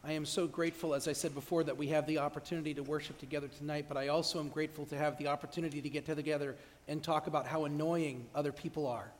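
A man with a high voice preaches a casual, humorous sermon, often restarting his sentences as he goes. He speaks in a church, and his voice rings out with a long reverb. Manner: humorous, animated, with frequent restarts. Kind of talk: conversational sermon. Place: church during an evening service.

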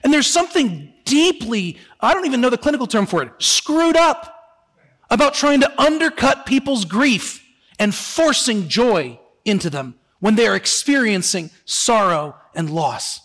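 A male pastor delivers a sermon in a high, expressive voice. He drops soft and slow on solemn words and rises on rhetorical questions to the congregation. His voice carries a long reverb through the church sanctuary.

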